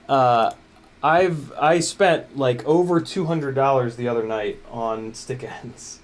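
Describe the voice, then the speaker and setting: Taking it slowly in a mid-range voice, a man livestreams his drone build from a workbench. The talk is casual and joking, and he mutters at the components, coaxing them while he works.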